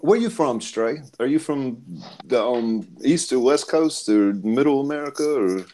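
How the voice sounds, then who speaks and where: A man on an online panel, joking and chiming in quickly. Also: medium pitch, lively intonation, dark tone. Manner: jokey, quick interjections. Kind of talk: casual panel chat.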